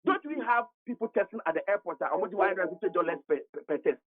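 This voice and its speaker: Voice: mid-range voice, animated, quick pace, slightly rough. A radio commentator with a Ghanaian accent arguing passionately, firing off rhetorical questions and repeating words. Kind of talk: heated radio talk show commentary. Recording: tinny phone line.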